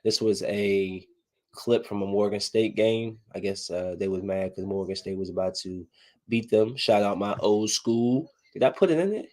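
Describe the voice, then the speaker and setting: A man hosting a casual solo podcast, telling stories in a slangy, joking way, swinging from loud outbursts to low muttering and laughing often. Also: fairly even intonation, normal speed. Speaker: podcast host.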